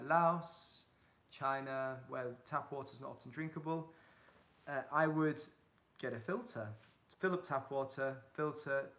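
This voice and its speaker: A man's voice: mid-range voice, a bit bright. A young man with a Hull accent from Yorkshire, chatting casually on a livestream, reading out viewer questions and giving upbeat, encouraging advice. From England. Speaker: touring cyclist answering live chat.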